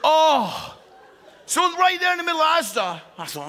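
A man delivers an animated, loud sermon in a large church, his voice high and bright with a gravelly edge. Long hall reverb trails behind every line. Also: normal speed, slight background noise. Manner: animated, loud, often laughing and shouting. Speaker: preacher. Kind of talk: lively sermon with comic stories.

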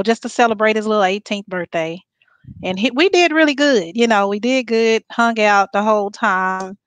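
A chatty woman in her forties from Texas tells a long personal story with frequent laughs. Her voice sits at an ordinary middle pitch. The sound is close and dry, with no room echo. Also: fairly bright tone. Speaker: guest. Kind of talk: casual chat.

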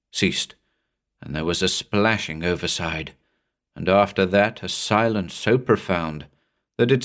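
A man narrating a horror story in a measured, suspenseful reading. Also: sits low. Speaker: audiobook narrator.

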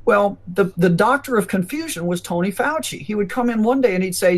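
A man's voice: sits high, a little fast, hardly any pauses. A man who is a physician, speaking as a guest in a conversational interview in an emphatic, lecturing manner.

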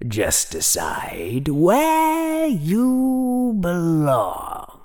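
A man voicing a calm, wise old magical talking hat in a storybook reading, speaking gently and slowly. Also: high-pitched, pitched above the performer's own voice, heavily acted. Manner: gentle, slow and reassuring.

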